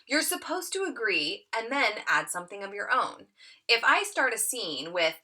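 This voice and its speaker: A woman's voice: fairly high pitch, sing-song, moderate pace, sharp tone. A middle-aged woman teaching a tutorial, reading an excerpt aloud and acting out the quoted lines with lots of expression.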